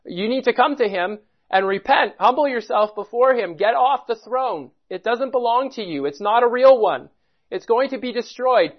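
A man's voice: extremely high pitch, animated, moderate pace, highs cut off. A man preaching a sermon, earnest, quoting scripture in old-style English. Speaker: pastor.

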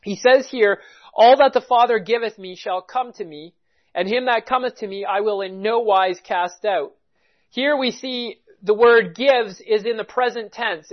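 Preacher, expository sermon, emphatic and repetitive, mid pitch, muffled lo-fi sound. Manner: emphatic, repeats key points and reads scripture aloud. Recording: dull lo-fi recording.

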